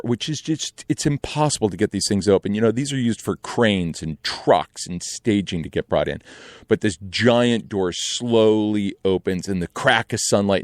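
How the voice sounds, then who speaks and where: A young adult man telling a casual story in an animated way, acting out other people's lines. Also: on the low side, dry recording, clean studio sound.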